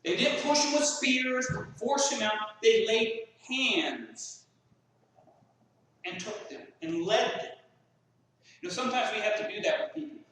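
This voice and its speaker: A male pastor preaches in a folksy way with a high, bright voice. He is heard from a distance in a small church, and his voice echoes through the long reverb of the hall. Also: expressive, a little slow, a little hiss or hum. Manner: folksy, acts out quoted voices. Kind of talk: sermon.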